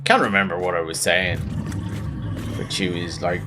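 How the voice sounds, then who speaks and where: A man's voice: deep voice, fairly even intonation, moderate pace, pauses often, pushed and bright, soft background music. A man with a Belfast accent giving rambling, self-mocking commentary while playing a video game. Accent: Northern Irish, Belfast. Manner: rambling, self-mocking, bursts into silly noises. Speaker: game streamer. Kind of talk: gameplay commentary.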